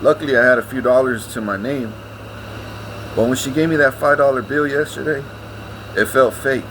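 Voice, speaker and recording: A man's voice: mid-range voice, moderate pace, noisy background. A man, ranting casually to his vlog audience, swearing often and repeating himself. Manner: profane, rambling, repeats himself. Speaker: vlogger.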